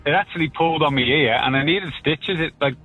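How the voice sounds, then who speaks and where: A man's voice: fairly high pitch, a little fast, phone-quality sound, soft background music. A middle-aged man calling in to a radio show and telling a story in a plain, matter-of-fact way. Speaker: caller.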